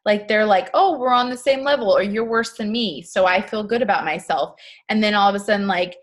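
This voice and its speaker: A woman's voice: mid-range voice, brisk. A young adult woman giving a casual motivational talk to her team, chatty and upbeat with lots of "like" fillers. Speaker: network marketing team leader.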